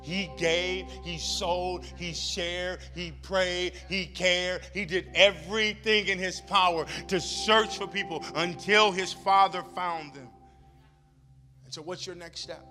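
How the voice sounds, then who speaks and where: A man preaching a sermon as pastor, with rhythmic, repetitive phrasing that builds in emphasis. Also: a little high. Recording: long hall reverb with music behind.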